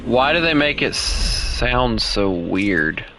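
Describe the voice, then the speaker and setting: A man's voice: mid-range voice, sing-song, takes it slowly, vocal fry. A man streaming a racing game, making wry offhand remarks in casual commentary. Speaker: gaming streamer. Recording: voice over loud game music.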